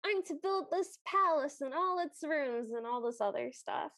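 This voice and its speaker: A woman's voice: high-pitched, lively intonation, normal speed, a bit bright, no echo. A woman voicing a distressed young heroine who pleads breathlessly. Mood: pleading.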